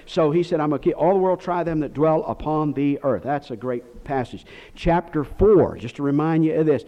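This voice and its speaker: A man teaching a Bible lesson in sermon style, emphatic and full of rhetorical questions. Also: on the high side. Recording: dull lo-fi recording.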